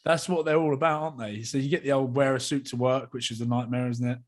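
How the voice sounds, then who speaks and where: A young man co-hosts a casual podcast chat. He tells anecdotes animatedly and slips in the voices of the people he is talking about. His voice sits at an ordinary mid pitch. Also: fairly even intonation, quick pace. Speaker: podcast co-host.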